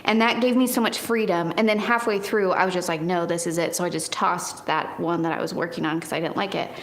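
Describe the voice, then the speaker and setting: A woman in her thirties chatting warmly through a painting lesson, encouraging and quick to laugh. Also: fairly low pitch, fairly even intonation, echoey room. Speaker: art teacher. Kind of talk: casual painting tutorial.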